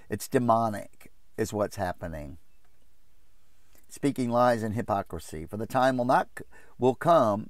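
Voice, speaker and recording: Man, informal preacher, impassioned, mocking asides, dry sound. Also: dry recording. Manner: impassioned, jumps into mocking high voices to quote others. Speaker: Bible study preacher.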